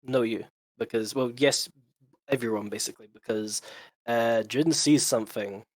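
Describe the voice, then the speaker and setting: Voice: medium pitch, moderate pace, dry recording. A game master narrating a tabletop game, explaining rules in an explanatory way with frequent fillers.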